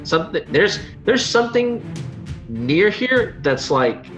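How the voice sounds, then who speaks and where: A man running a tabletop game as game master, explaining rules and describing scenes in a halting way, full of fillers. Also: high-pitched, sing-song. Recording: dull podcast audio with faint music.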